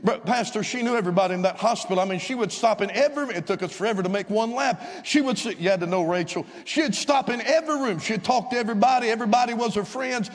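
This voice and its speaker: A man, a visiting evangelist, telling a story in a fervent revival sermon that rises to shouts of praise, recorded in a church. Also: sits high, quick pace, hardly any pauses. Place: church sanctuary. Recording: long church-hall reverb.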